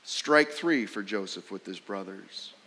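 A man preaching a sermon, emphatic and fond of rhetorical questions, sometimes jumping sharply higher to act out a scornful voice. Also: animated, a little slow, gravelly, pushed and bright. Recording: long hall reverb.

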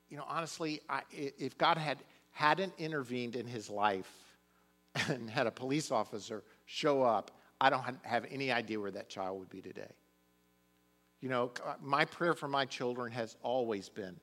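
A man's voice: mid-range voice, normal speed. Earnest middle-aged man preaching a sermon. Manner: earnest personal storytelling, swinging between hushed and rising prayer. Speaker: pastor.

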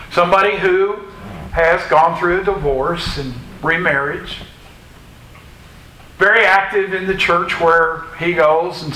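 A man preaching a sermon in a slow, deliberate way, pausing between phrases. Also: high-pitched, pushed and bright, low-quality recording. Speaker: pastor.

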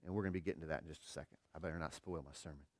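A middle-aged man preaching a sermon as pastor, earnest, firing rhetorical questions and swinging between quiet and emphatic delivery. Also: a bass voice, steady tone, very fast, dry recording.

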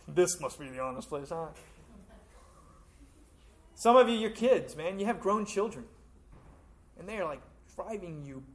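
Higher-voiced pastor preaching conversationally. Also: male voice. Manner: conversational preaching, swinging between loud emphasis and hushed asides. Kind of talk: sermon.

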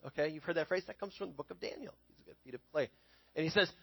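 A man's voice: a little high, animated, fast talker, creaky, fairly bright tone, slightly rough, dry recording, rough recording. A young man preaching a casual sermon, retelling a Bible story to listeners in a conversational way and often checking in with "okay?".

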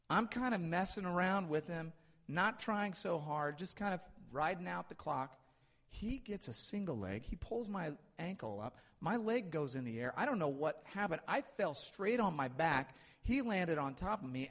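A male pastor giving a sermon in a conversational way, building emphasis through repeated phrases. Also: on the high side. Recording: long hall reverb.

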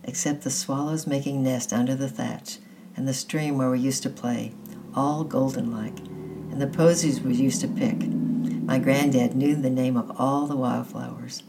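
A reader voicing a stern but kindly old housekeeper woman who talks in a brisk, plain-spoken way. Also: medium pitch, steady tone, creaky, very noisy, natural voice.

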